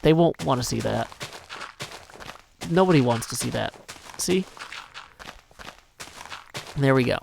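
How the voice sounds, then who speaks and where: A man with a Southern twang chats on a gaming livestream at an unhurried, drawn-out pace. His pitch sits in an ordinary middle range, and he turns playful and sing-song, even dropping into rhymed verse. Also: vocal fry, a little hiss or hum. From Tennessee, US. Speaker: livestreaming gamer. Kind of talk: casual livestream chat.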